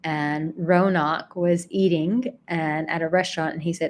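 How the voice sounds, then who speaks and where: A woman hosting a live stream, reading out viewers' comments and thanking them in a gentle, effusive way. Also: lowish voice, steady tone, normal speed, few pauses. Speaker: livestream host and relationship coach.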